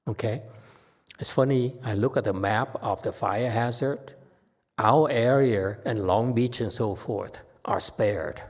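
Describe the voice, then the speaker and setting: Low-voiced guy giving a slow dharma talk, halting, keeps asking okay?. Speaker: Buddhist teacher. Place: temple hall.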